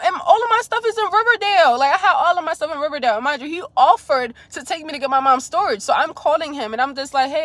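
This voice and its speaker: A woman's voice: on the high side, a bit bright. A young woman vlogging a casual storytime, talking candidly and emotionally straight to her viewers and swearing freely.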